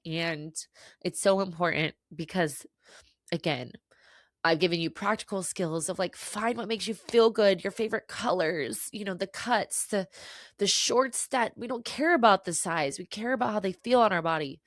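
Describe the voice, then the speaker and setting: A woman's voice: medium pitch, moderate pace, dry recording, studio quality. A woman hosting a solo podcast, giving an earnest, emotional pep talk with some swearing. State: tearful at times. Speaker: podcast host.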